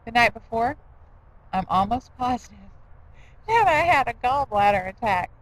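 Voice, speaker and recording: A woman's voice: a little high, sing-song, measured pace, no echo, rough recording. A middle-aged woman rambling in a casual vlog, self-deprecating with laughing asides. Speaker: diet vlogger.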